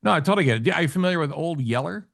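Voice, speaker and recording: A male host chatting with a guest over a video call, joking in a playful deadpan way. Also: fairly high pitch, racing, gravelly, no echo, studio quality. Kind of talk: casual chat.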